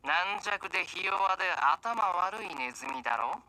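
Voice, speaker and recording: A teasing young game character with a very bright, sharp voice. His pitch bounces all over while he taunts and laughs. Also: lively intonation, brisk, exaggerated voice, poor audio. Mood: mocking. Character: playful teasing young man chasing a friend. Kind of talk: game voice acting.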